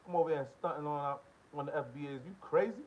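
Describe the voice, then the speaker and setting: An American host of a political commentary channel rattles off a confrontational, profanity-laced rant, firing repeated short questions. The voice is highish with fairly even intonation and a rapid-fire pace, recorded in dull lo-fi audio.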